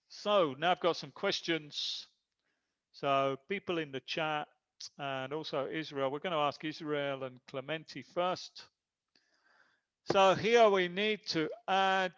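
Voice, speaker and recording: A man teaching an online English class, explaining grammar slowly and switching between English and Spanish. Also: a little high, fairly bright tone, clean tone. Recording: dull lo-fi sound.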